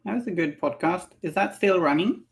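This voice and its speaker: A woman's voice: on the low side, fairly quick, gravelly. A woman painting miniatures on a livestream, chatting casually, laughing often and musing aloud as she works. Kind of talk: casual chat while painting.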